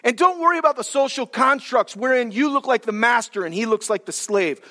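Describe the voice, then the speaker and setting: A preacher voicing an earnest apostle, urging. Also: male voice, very high-pitched, expressive, fairly quick, sharp tone, exaggerated voice. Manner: earnest, pleading, colloquial. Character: apostle urging a friend, earnest and persuasive man. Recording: hall with long reverb.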